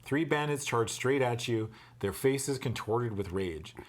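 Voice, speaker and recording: This is a man running a tabletop adventure, reading the book's passages aloud at an ordinary middle pitch. Between passages he drops into relaxed, profane joking with his friends at the table. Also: a little slow. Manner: swaps between read-out narration and joking, cursing banter. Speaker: game master reading the gamebook. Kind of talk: reading adventure text aloud with casual asides.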